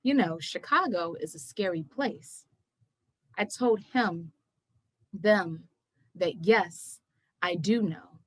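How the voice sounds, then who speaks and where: Low-voiced woman reading poetry. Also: a bit bright, no room sound. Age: young adult. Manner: measured, emphatic reading with rising intensity on questions. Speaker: poet reading her work. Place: home, virtual event. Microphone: video call.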